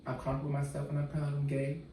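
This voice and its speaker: A man speaks frankly in relaxed, slangy talk as a podcast guest. He sits well away from the mic in a very echoey room. A faint hiss of noise runs under the voice. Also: fairly high pitch, rapid-fire, recorded from a distance. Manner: candid, talks in casual slang. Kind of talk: casual podcast conversation.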